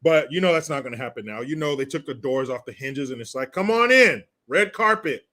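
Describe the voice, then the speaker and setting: A man's voice: mid-range voice, fast talker. A man hosting a live stream, ranting through political commentary in a crude, sarcastic way and swearing freely. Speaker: livestream host.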